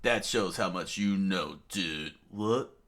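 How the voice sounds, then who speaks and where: A man's voice: sits low, takes it slowly, a bit bright, exaggerated voice. A man voicing a brash young male pirate captain who talks in laid-back surfer slang and calls everyone dude. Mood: defiant.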